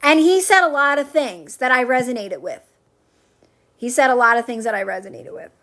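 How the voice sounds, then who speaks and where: Chatty high-voiced woman on a livestream. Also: normal speed, a bit bright. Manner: chatty, repeats phrases, reassuring. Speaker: manifestation coach on a livestream. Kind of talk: casual live-stream chat answering comments.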